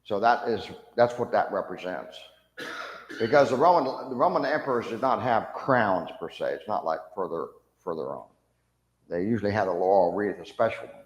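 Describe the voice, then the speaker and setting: A man leads a church Bible class in an animated way, questioning the class and acting out lines from the story, including mocking soldiers' voices. His fairly low voice moves at a moderate pace; the audio is dull, in an echoey room with long reverb.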